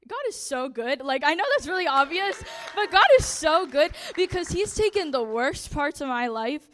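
A woman's voice: high voice, expressive, moderate pace, a bit bright, slight background noise. A young woman giving a personal testimony to a church group, nervous and shaky, laughing between phrases.

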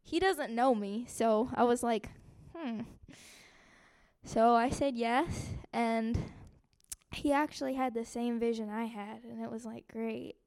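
A young woman giving a personal testimony to a church group, soft and halting, with many fillers and sighs. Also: fairly high pitch.

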